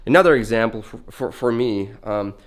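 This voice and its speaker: A man's voice: on the low side, moderate pace. A man talking casually and earnestly in a rambling, reflective monologue while walking around. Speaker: vlogger.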